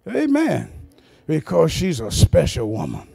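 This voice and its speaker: A man preaching a sermon as pastor, folksy and chuckling, rising into shouted, sing-song cadences. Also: a little high, wildly swooping pitch, a little slow, vocal fry, breathy edge.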